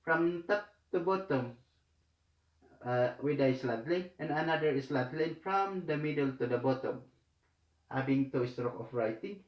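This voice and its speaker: A man teaching a language lesson in a slow, halting way, with many fillers and repeated words. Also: a little high, lo-fi sound. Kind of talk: slow hesitant tutorial explanation. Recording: echoey room.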